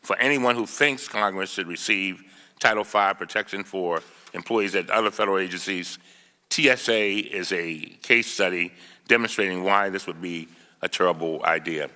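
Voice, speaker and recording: A man's voice: low voice, normal speed, sharp tone, long reverb tail. A man, a congressman, giving an emphatic formal statement at a hearing, reading quoted testimony aloud and stressing key words. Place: large congressional hearing room.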